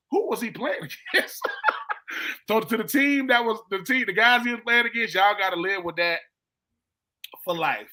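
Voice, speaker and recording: A man, a former player, telling stories with animated emphasis on a live-streamed sports talk show. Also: sits high. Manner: animated storytelling, emphatic repetition. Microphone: live stream call.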